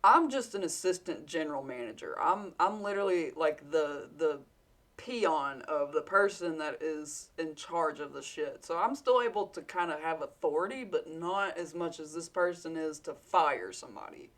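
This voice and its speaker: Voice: mid-range voice, lively intonation, moderate pace, fairly bright tone. Rambling vlogger with a Southern US accent. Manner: rambling and candid, casual swearing. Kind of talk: casual storytime vlog.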